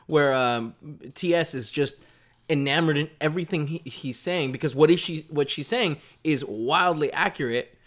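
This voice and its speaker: A man co-hosting a podcast who talks through a film scene in a thoughtful, halting way in casual chat. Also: fairly high pitch, a bit bright. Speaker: podcast co-host.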